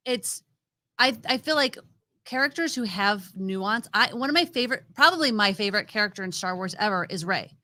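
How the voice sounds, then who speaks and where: A woman's voice: medium pitch, expressive, brisk, pushed and bright, dry recording. A woman co-hosting a casual chat show, talking with gushing enthusiasm. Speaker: podcast co-host.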